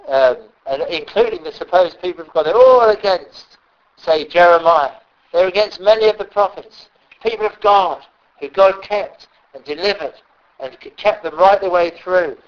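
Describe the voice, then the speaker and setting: A man preaching a sermon, often pausing and repeating words as he stresses a point. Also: high voice. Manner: halting, repeats words, emphatic. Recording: dull lo-fi recording.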